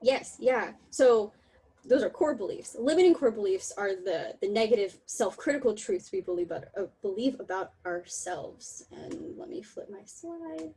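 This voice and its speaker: A young woman giving a candid, emotional online talk over a video call, laughing often and apologizing in quick asides. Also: fairly high pitch, lively intonation, mellow, slightly rough, low-quality recording. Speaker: talk presenter.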